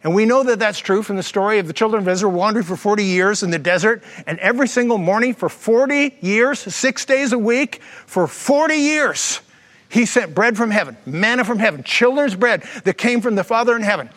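A man's voice: high voice, fairly quick. A man preaching a sermon as pastor, mixing jokes and stories into his teaching. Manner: jokey storytelling preacher, lively asides.

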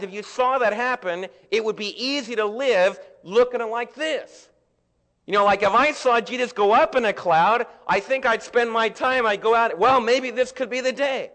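一位中年男牧师在讲道，嗓音偏高，语气像聊天，时而压低时而高亢，大教堂里有长长的回声。. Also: male voice, high-pitched. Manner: conversational, swings from hushed to loud. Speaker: pastor. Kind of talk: sermon. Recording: long echo of a large hall.

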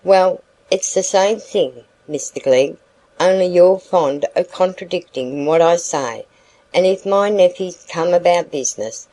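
A woman's voice: fairly low pitch, measured pace, warm tone, close to an everyday voice, rough recording. Woman doing a severe scolding wife. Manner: scolding, prim. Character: severe suspicious older wife, sharp-tongued.

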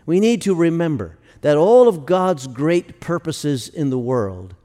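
A man preaching in a big church, his fairly high voice carrying a long reverb tail. He teaches earnestly, slowing down and leaning on the words that matter. The delivery is a pastor's sermon to his congregation. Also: lively intonation, warm tone, faint music behind. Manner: earnest teaching, pausing to stress key words.

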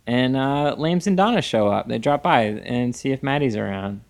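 A man's voice: medium pitch, expressive, normal speed, vocal fry. A man co-hosting a podcast, recapping a TV episode in laid-back casual chat and laughing often. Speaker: podcast co-host.

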